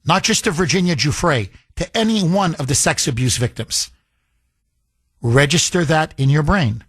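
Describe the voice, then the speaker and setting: Man, radio host, combative monologue, lively swooping delivery, dry close studio sound. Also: on the high side, normal speed, slightly rough, no echo. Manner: heated, scornful, emphatic repetition. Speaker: radio talk show host.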